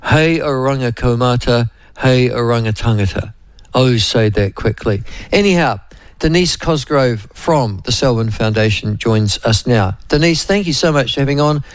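A man's voice: medium pitch, normal speed, smooth, no room sound. A man with a New Zealand accent hosting a talk radio show, rambling and chatty, addressing his listeners and co-host by name. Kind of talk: casual radio chat.

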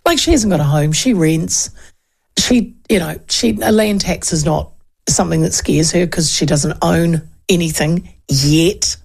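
A woman's voice: lowish voice, measured pace, creaky, a little mellow, husky. A woman in her fifties with a New Zealand accent hosting a talk radio show, talking through poll numbers in a casual, digressive way with lots of fillers. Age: 50s. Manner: chatty, digressive, with frequent fillers and laughs. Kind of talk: casual political commentary.

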